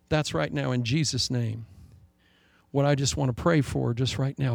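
At a normal pace, a middle-aged man preaches as pastor, lively and creaky-voiced, playing out the people in his story with wide shifts in pitch and volume. No echo is present.

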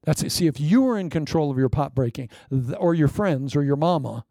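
A male pastor delivers a lively sermon, breaking into laughter and acting out little scenes along the way. His voice sits a bit high for a man, with a gravelly, mellow texture. The sound is close and dry. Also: brisk, dry recording. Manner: animated preaching with laughing asides and playacted anecdotes.

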